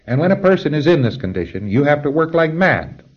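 A man's voice: fairly high pitch, very animated, fairly quick, muffled recording. A man giving an informal, rambling spoken lecture in a conversational way. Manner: rambling, conversational, chuckles at his own asides.

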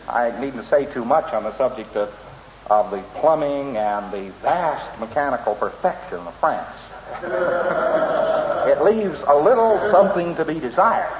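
A man's voice: mid-range voice, expressive, unhurried. A man giving an informal lecture in a wry, anecdotal way, chuckling at his own asides. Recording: echoey hall, dull lo-fi old tape, faint hiss.

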